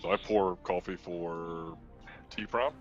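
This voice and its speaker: A man playing his character in a sci-fi tabletop role-playing game, in a relaxed, dry manner. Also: low voice, slow pace, lo-fi sound, soft background music. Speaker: player.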